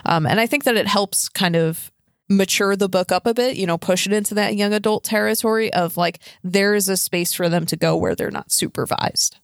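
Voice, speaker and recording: A woman's voice: medium pitch, fairly quick, dry recording, clean studio sound. A woman co-hosting a casual book discussion podcast, talking loosely and often saying "like" and "you know". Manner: chatty, heavy use of "like" and "you know". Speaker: podcast co-host.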